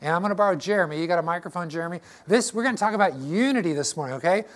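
A man's voice: sits high, expressive, rapid-fire. Older male pastor, folksy sermon voice, chatty asides. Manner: folksy, joking, checks in with "okay?". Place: church sanctuary.

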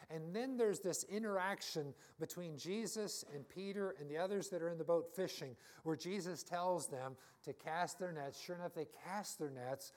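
A man's voice: fairly high pitch, normal speed, few pauses. A middle-aged man, a pastor, giving a conversational sermon and telling personal stories to his congregation. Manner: storytelling, personal anecdotes.

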